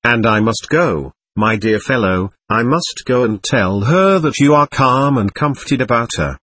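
A man's voice: medium pitch, animated, unhurried, slightly rough. A man reading as a fatherly old police captain. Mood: fatherly urging. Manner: warm, fatherly, earnest urging. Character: kindly older male police captain, excitable.

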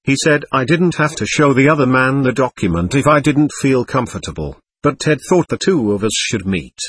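A man narrating a first-person story aloud in an even, measured way. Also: mid-range voice, breathy edge, dry recording.

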